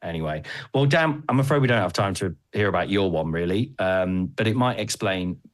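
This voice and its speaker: A man's voice: low-pitched, expressive, a little fast. A man hosting a casual podcast chat about comics, enthusiastic and laughing often. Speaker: podcast host.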